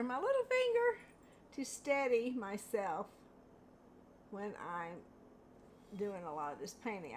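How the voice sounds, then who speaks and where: An older woman talks through a painting demonstration in an unhurried, rambling way, chuckling at her own mix-ups. Her voice sits a little high, and a faint hiss runs under the recording. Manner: chatty, rambling, laughs at herself. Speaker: craft video host. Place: home studio.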